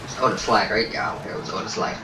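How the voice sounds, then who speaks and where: A man's voice: lowish voice, steady tone, rapid-fire, roomy sound, distant mic, noisy background. A man streaming gameplay in casual commentary, goofy and profane, talking to himself. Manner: goofy, swearing, talks to himself. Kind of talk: casual let's-play commentary.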